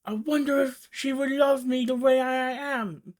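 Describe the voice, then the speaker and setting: A man voicing a gentle, disfigured young man who speaks softly and haltingly. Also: very high voice, fairly even intonation, pitched above the performer's own voice. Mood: wistful.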